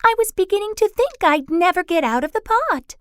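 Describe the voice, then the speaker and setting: A woman voicing a tiny female fairy with a high, silvery voice, speaking urgently in a storybook reading. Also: big pitch swings, brisk, no echo, clean studio sound. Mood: eager.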